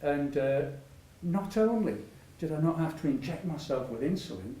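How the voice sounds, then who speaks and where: A man's voice: on the high side, animated, moderate pace, mellow. An older man gives a rambling, anecdotal talk, full of restarts and laughter. His voice carries through a reverberant room, picked up from some distance off, with faint ambient noise behind. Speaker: patient speaker at a public talk. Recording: echoey hall, mic at a distance.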